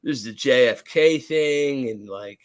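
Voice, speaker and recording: A man's voice: medium pitch, unhurried, clear, resonant tone. A man co-hosting a podcast, telling a rambling story in casual chat, swearing freely and acting out the people he quotes. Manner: profane, animated storyteller who acts out quotes. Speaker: podcast co-host.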